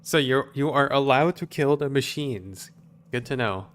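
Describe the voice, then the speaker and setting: A man with a mid-range voice plays a stealth video game, thinking aloud in an unhurried, casual let's-play commentary sprinkled with wry, sarcastic asides.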